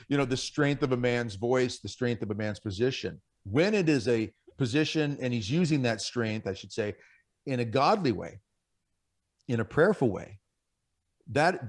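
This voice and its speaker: Earnest, exhorting middle-aged man. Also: medium pitch. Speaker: guest on a Catholic radio show. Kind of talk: conversational faith radio talk.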